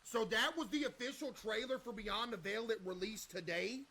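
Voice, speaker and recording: A young man chats through a livestream in a relaxed, joking way, bragging to his viewers in loose slang. His voice sits high and rings very bright and forward. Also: moderate pace, poor audio. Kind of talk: casual livestream chat.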